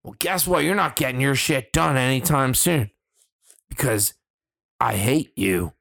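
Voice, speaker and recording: A man on a chat show, ranting with heavy swearing and breaking into shouts as he mimics annoying emails. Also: mid-range voice, a little slow, creaky. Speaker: podcast co-host.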